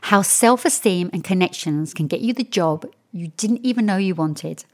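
A woman's voice: on the low side, normal speed. A woman hosting a podcast, recapping guests in an effusive, upbeat manner. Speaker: podcast host. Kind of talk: episode recap narration.

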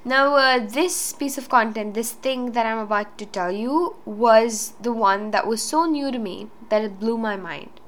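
A woman's voice: a little high, unhurried. A woman hosting a solo talk show, talking earnestly in a rambling casual way with many fillers. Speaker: podcast host.

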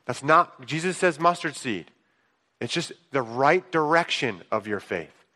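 Male pastor, casual storytelling sermon, bright forceful voice, big reverberant church room. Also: medium pitch, a little slow. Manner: conversational storytelling, swings between hushed asides and excited outbursts. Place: church sanctuary. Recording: long reverb of a large hall.

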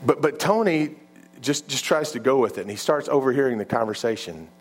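A male preacher tells a story during a sermon, speaking expressively with halting starts and repeated words, and frequently sinking low and quiet. Soft music plays in the background.

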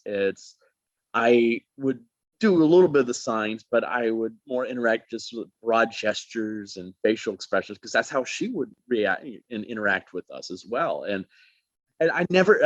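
A man telling stories as a guest in a relaxed interview, his voice rising and falling in lively swings. The recording is dry and a little dull, with a lo-fi edge. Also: mid-range voice, no room sound. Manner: animated, expressive storyteller who jumps into voices. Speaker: guest, actor. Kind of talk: casual interview chat.

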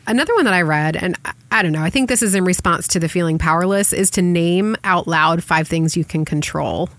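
A middle-aged woman hosting a casual parenting chat, chatty and practical with quick asides. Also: on the low side, a bit bright, dry recording. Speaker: podcast host.

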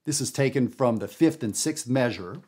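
A man hosting a jazz podcast, teaching in a casual, animated, emphatic way with everyday fillers. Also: mid-range voice, moderate pace, slightly rough. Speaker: jazz educator and podcast host.

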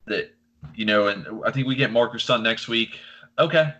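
A man's voice: mid-range voice, moderate pace, bright, forceful tone, low-quality recording. A man co-hosting a wrestling chat show, ranting casually with lots of filler words. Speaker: podcast co-host.

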